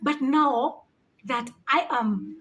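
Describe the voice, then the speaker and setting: A woman in her late twenties telling stories to camera in a casual vlog, animated and quick to laugh in disbelief. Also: sits high. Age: 20s. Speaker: vlogger.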